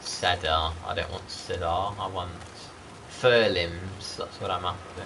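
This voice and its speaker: A man talks loosely through a game session, wandering between topics and calling out to viewers by name. His voice sits a little low and comes across forceful and bright. Faint noise hums in the background. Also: steady tone, unhurried. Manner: rambling, chatty, greets viewers by name. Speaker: gaming channel host. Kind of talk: casual gameplay commentary.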